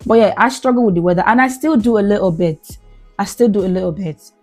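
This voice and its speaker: A young Nigerian woman hosting a podcast, chatting casually with lively exclamations and frequent laughs. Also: medium pitch, fast, soft background music. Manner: animated, exclamatory, laughs often. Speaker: podcast host. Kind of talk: casual storytelling chat.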